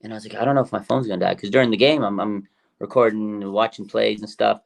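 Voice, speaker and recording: A man hosting a fan livestream, talking casually in an excited, rambling way with many fillers and restarts. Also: on the low side, fast talker, vocal fry. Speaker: fan show host.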